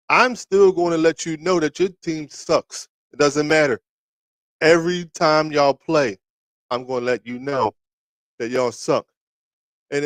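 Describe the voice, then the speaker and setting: A man's voice: a little high, no room sound. A man hosting a casual sports talk livestream, rambling and trash-talking as he answers viewers in the chat, with many restarts.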